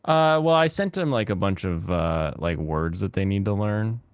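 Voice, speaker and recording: A man hosting a casual chat while he plays a game, talking in a rambling, halting way with many fillers. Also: low-pitched, animated, dry recording. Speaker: host.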